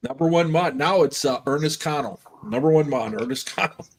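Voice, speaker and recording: A man's voice: on the high side, fairly quick, a little hiss or hum. A man hosting a casual stream, telling a long funny story and laughing often. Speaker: streamer host.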